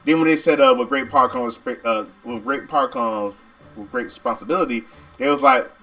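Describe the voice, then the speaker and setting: A man chatting casually about a movie with his co-host, halting and repeating himself as he retells scenes. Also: medium pitch, fairly bright tone, faint music behind. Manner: halting, repeats words, lots of fillers. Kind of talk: casual movie recap chat.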